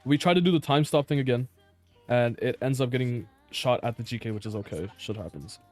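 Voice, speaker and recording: A man's voice: mid-range voice, fairly quick, a little mellow, soft background music. Exasperated man breaking down match footage. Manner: blunt, exasperated, swears and laughs in disbelief. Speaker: player reviewing his own match footage. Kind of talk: casual gameplay review commentary.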